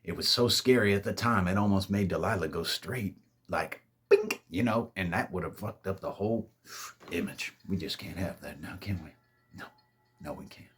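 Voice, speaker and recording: Brief: low, husky man spinning a profane spooky yarn, animated and loose. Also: moderate pace. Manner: profane, animated storytelling, calls listeners babies. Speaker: storyteller. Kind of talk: casual ghost-story telling.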